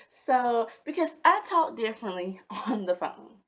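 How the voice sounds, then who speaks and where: A woman's voice: a little high, expressive, a little slow, hardly any pauses. A woman vlogger telling a casual storytime in a dramatic, chatty way.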